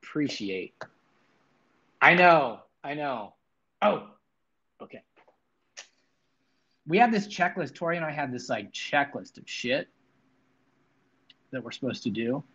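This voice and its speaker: A man's voice: medium pitch, lively intonation, slow, pauses often, bright, forceful tone, slightly rough, dull audio. A man hosting a casual livestream, chatting loosely with viewers, swearing now and then and greeting chatters by name. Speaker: livestream host.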